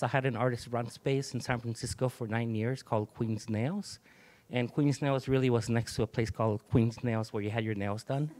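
A middle-aged man from Mexico, an artist and museum curator, leading a group through a gallery with a relaxed manner and many ums. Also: medium pitch. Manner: relaxed, with frequent ums and restarts. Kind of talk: gallery tour talk to a group. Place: inside an art museum gallery.

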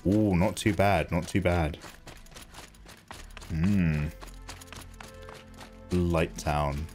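A man chatting through live gameplay, excitable and jokey, thanking viewers as he plays. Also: low voice, extremely slow, soft background music. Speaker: gaming streamer.

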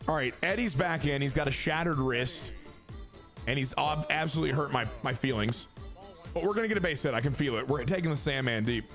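A young man streaming a baseball video game, joking, swearing and shouting at big plays over game music. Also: medium pitch, a little fast. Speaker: gaming streamer. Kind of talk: excited video game commentary. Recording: game music playing behind.

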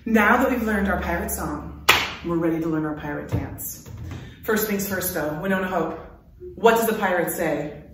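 A woman teaching a children's music and movement lesson at home. She talks in an animated, sing-song way and coaxes the children to join in. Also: lowish voice, normal speed, roomy sound, far from the mic, background noise.

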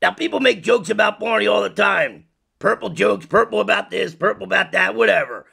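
A man's voice: high voice, fairly quick, gravelly, pushed and bright, breathy edge, full character voice. A man voicing a crude, foul-mouthed purple dinosaur who rants profanely at kids in a parody monologue. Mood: profane ranting. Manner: ranting, profane, lecturing kids.

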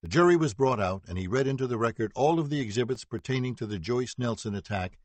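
A man reading a true-crime audiobook as narrator, steady and even, voicing quoted dialogue lightly. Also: medium pitch, fast talker, dry recording. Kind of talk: scripted narration.

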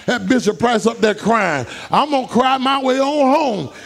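A man preaching a fervent sermon in church, rising into shouts and high whoops. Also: normal speed, gravelly. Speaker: pastor. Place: church sanctuary.

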